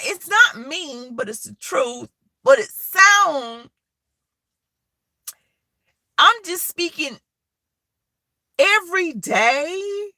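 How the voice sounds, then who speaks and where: A woman telling stories in a blunt, animated and profane way. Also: high-pitched, no room sound. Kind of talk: casual storytelling.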